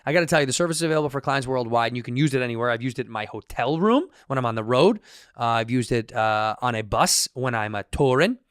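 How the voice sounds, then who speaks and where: Quick and expressive, a man with a medium-pitched, smooth voice co-hosts a podcast, trading casual banter and doing playful ad reads. He's jokey and puts on loud, goofy voices. It's recorded in a studio with no room sound.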